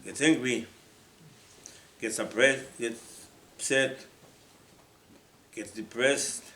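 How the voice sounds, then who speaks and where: A man's voice: mid-range voice, fairly even intonation, very slow, pushed and bright. A man preaching a sermon, emphatic and repetitive, often acting out the voices of the people he quotes. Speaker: rabbi. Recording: echoey room with faint ambience.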